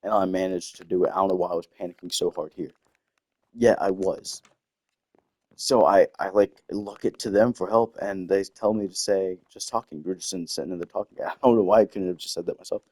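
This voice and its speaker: Rambling young man, low and dry. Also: fairly even intonation, brisk, a little mellow, no echo. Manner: rambling, self-interrupting with game asides. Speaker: gaming storyteller. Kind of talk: casual storytelling over gameplay. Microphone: desktop microphone.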